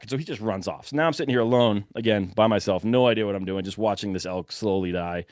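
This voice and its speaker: A young man telling a hunting story in a lively, casual way, acting out the shouts of the people in it. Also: lowish voice, fast talker, no echo, studio quality. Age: young adult. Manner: animated, breathless retelling with quoted shouts.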